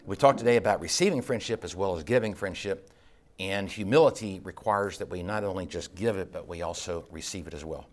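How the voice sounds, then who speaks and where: A man teaching a Bible class in a conversational way, stopping to restart his phrases, then rising with passion and falling quiet again. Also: brisk. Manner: passionate, builds up then drops low. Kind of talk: teaching sermon.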